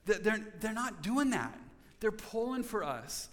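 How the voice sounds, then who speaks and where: A man's voice: sits high, very animated, a little slow. Earnest preacher man in an echoing hall. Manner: earnest, with dramatic soft drops for emphasis. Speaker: pastor. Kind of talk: sermon.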